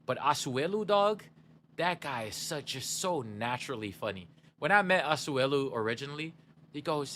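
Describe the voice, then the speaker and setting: A man's voice: medium pitch, lively intonation, normal speed, sharp tone, slight background noise. A young man streaming a game, chatting casually with his viewers in a laid-back, slangy way and laughing often.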